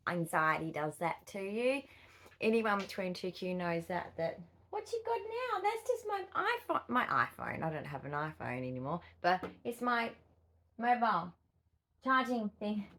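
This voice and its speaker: A woman's voice: mid-range voice, fairly bright tone. A middle-aged woman from Australia with an Australian accent, chatting casually to camera in a rambling, easily distracted way. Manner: rambling and easily distracted, with frequent fillers and laughs. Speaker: vlogger.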